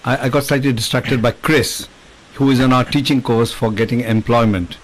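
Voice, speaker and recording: A man's voice: medium pitch, normal speed, rough recording. Chatty male video-call host. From India. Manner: chatty, animated storyteller. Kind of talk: casual chat on a video call.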